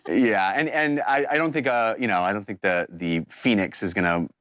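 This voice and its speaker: A man's voice: lowish voice, moderate pace, no room sound. A man hosting and running a tabletop game, talking casually with laughs and many fillers. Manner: animated, laughing, full of fillers. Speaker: game master and host. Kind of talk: tabletop game show wrap-up.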